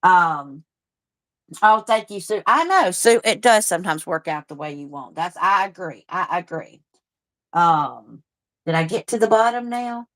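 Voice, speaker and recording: A woman's voice: on the low side, expressive, unhurried, fairly bright tone, dry recording. A woman, chatting casually and rambling as she hosts a livestream and answers viewer comments. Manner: rambling and chatty, with frequent restarts and a drawl. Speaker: livestream host.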